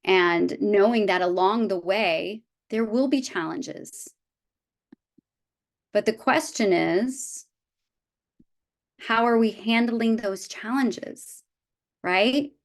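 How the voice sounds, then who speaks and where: A woman's voice: mid-range voice, takes it slowly, pauses often. A woman in her fifties giving a heartfelt motivational talk to a live audience of her business team, earnest and often restarting her sentences. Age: 50s. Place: event room with a live audience.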